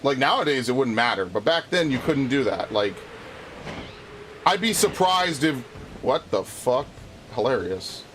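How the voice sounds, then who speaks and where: A man's voice: medium pitch, expressive, a little slow, fairly bright tone, slight background noise. A man streaming a video game, chatting casually in a rambling, frustrated way, swearing often and restarting his sentences. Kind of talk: casual live-stream chat while playing.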